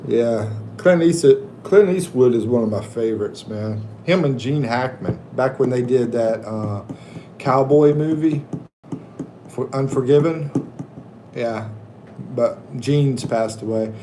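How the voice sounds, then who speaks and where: A man's voice: mid-range voice, takes it slowly, mellow, slight background noise. A man hosting a casual livestream, joking and chatting with viewers. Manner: jokey, laughing, chatting with viewers. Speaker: livestream host and expat coach.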